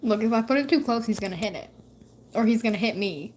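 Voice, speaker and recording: Casual woman vlogger, talks to camera at home, swears and teases her cat, a touch high. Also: fast talker, a little mellow, a little hiss or hum. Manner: profane, teasing talk to her cat.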